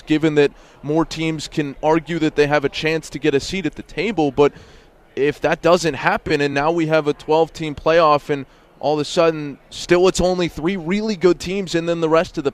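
A man who calls college games on radio, guesting on a sports talk show and reasoning through his points out loud. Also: a little high, steady tone, normal speed. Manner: thoughtful, reasoning aloud.

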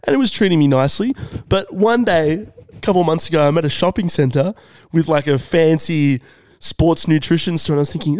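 A man's voice: on the high side, no echo. Young man telling a story. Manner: animated, drawn-out storyteller. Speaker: podcast co-host. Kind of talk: casual comedic storytelling.

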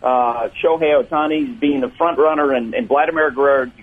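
A man's voice: mid-range voice, fairly quick. A male sports reporter calling into a radio show, talking baseball in a joking, conversational way over the phone. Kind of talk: casual sports talk radio. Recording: phone line.

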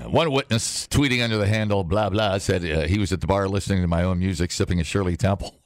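A man's voice: low voice, expressive, brisk, no room sound, clean studio sound. A man hosting a morning radio show, reading news items aloud with sarcastic wisecracks in casual banter.

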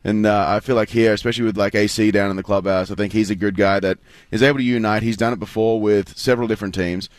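A man's voice: on the low side, steady tone, fast talker, few pauses, clean tone, no echo. A man in his thirties with an Australian accent, chatting easily as a radio guest with lots of fillers and restarts. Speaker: guest, pro baseball pitcher. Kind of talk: casual radio interview. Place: live broadcast at a spring training ballpark.

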